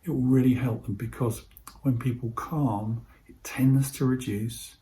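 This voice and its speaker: A man giving an instructional talk on voice techniques, speaking in a calm, measured way and slowing his speech with deliberate pauses. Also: medium pitch. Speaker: presenter teaching voice techniques to healthcare staff.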